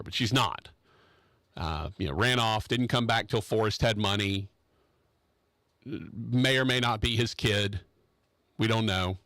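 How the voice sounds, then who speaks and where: A man's voice: medium pitch, a bit bright, no room sound, clean studio sound. Opinionated man joking on talk radio. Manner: rambling, joking, opinionated, with frequent restarts. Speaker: radio talk show host. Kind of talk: casual opinionated radio chat. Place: radio studio.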